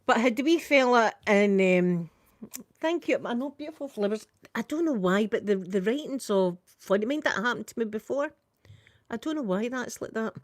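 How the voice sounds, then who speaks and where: A woman's voice: mid-range voice, lively intonation, normal speed, no room sound. Chatty middle-aged Scottish woman, dry sound. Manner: chatty, tumbling, full of local idiom. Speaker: live streamer. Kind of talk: casual storytelling chat.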